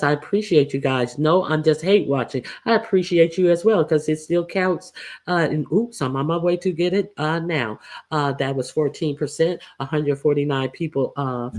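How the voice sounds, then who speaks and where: A woman's voice: sits low, a little mellow. A woman hosting a casual livestream, chatting loosely with laughing asides. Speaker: livestream host.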